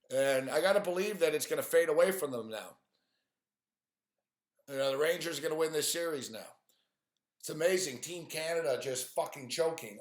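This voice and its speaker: Profane ranting man in an echoey room. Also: medium pitch. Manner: profane, frustrated ranting about games and bets. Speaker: sports betting streamer. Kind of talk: live stream rant.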